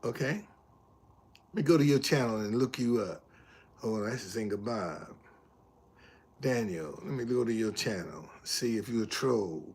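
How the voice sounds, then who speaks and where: An older man on a live stream loudly and animatedly retells a confrontation, swearing heavily and repeating himself for emphasis, then drops his voice low to read and answer chat. His husky voice moves at a moderate pace with long pauses, in casual stream talk.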